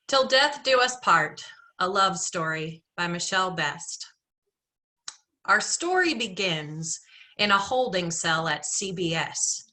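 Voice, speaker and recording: A woman performing a solo storytelling show, playful and animated, with conversational asides to the audience. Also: on the low side, takes it slowly, long pauses. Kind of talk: theatrical storytelling monologue.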